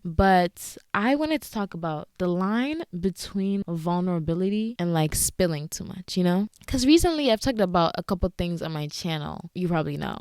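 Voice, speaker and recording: A woman's voice: sits low, a little fast, smooth, no echo, clean studio sound. A young woman chatting casually on her solo podcast, telling stories with lots of asides. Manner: chatty, animated storytelling with frequent asides. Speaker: podcast host.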